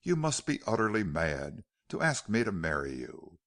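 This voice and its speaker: A man's voice: low voice, big pitch swings, moderate pace, fairly bright tone, exaggerated voice. A male narrator voicing a defiant, frightened young woman held captive, speaking earnestly in an audiobook. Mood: indignant.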